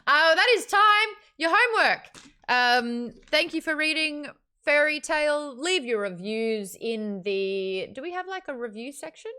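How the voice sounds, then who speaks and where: A woman hosting a book club livestream, chatty and animated as she jumps between topics. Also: sits high, measured pace. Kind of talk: casual livestream chat.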